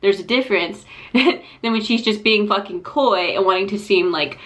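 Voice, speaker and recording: A woman's voice: mid-range voice, normal speed, a bit bright. A woman hosting a video, reacting to clips with blunt, profane, mocking commentary. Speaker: video host.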